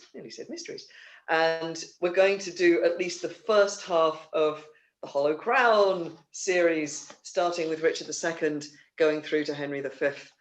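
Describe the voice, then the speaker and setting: Chatty host with rambling announcements. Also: male voice, fairly high pitch, steady tone, unhurried, a bit bright. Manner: chatty, rambling, lots of fillers and restarts. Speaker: theatre company host. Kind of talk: casual livestream announcements.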